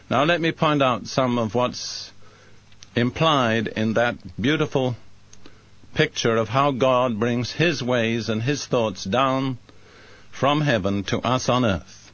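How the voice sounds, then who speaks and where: Man preaching slow and deliberate, mid pitch, dry dull old recording. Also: a bit bright, dry recording. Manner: slow, deliberate, emphatic Bible teaching. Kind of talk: sermon.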